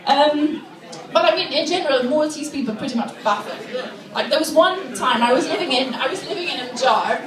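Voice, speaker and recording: A woman's voice: high-pitched, expressive, brisk, roomy sound, recorded from a distance, crowd noise. A woman from Malta performing a chatty stand-up comedy set, laughing through her lines. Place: comedy venue on stage. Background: audience.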